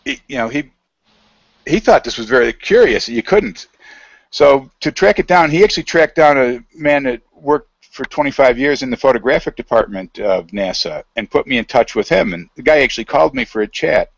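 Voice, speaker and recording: A man telling a rambling story in a casual, halting way, full of fillers and quoted dialogue, over a video call. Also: mid-range voice, expressive, creaky, dry recording, dull audio. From United States.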